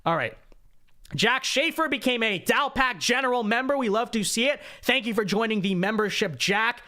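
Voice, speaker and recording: A man's voice: extremely high pitch, expressive, moderate pace, pushed and bright. A man hosting a political livestream, reading viewer donations in a chatty, repetitive way and tagging lines with "okay?". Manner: chatty, repeats phrases, frequent "okay?" asides.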